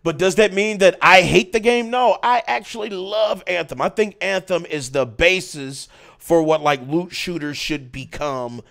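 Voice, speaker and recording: High-voiced man on a gaming podcast, stumbles into his points before he lands them. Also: measured pace, creaky, fairly bright tone. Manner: stammering restarts, repeats his lead-in. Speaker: podcast co-host. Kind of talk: casual heated chat.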